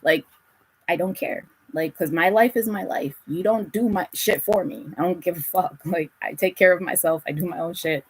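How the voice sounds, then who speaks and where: A fairly low-voiced woman gives a casual spiritual tarot reading. She talks bluntly, swears freely and laughs often as she hands out advice. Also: moderate pace, husky, poor audio. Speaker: tarot reader.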